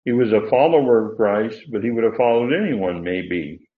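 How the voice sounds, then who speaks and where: A man with a lowish voice and lively intonation teaches a Bible passage verse by verse at normal speed. He emphasizes the Greek vocabulary and self-corrects, and the audio is tinny and phone-like with echo from the room.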